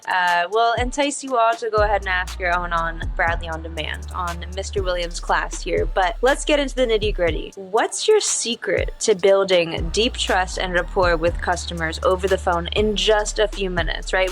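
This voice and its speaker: A woman's voice: mid-range voice, a bit bright. A woman co-hosting a podcast, asking long, friendly questions. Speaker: podcast co-host. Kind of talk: podcast interview.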